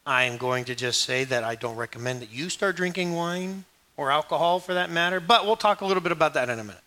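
Speaking quickly in a fairly high male voice, a pastor delivers a sermon full of jokes. He tells the story with animation, performing the quoted voices himself.

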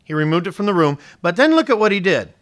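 A male pastor preaches a sermon in a high-pitched, very animated voice, talking fast with a fairly bright tone. He builds rising emphasis, presses hard on key words, and puts questions straight to the congregation.

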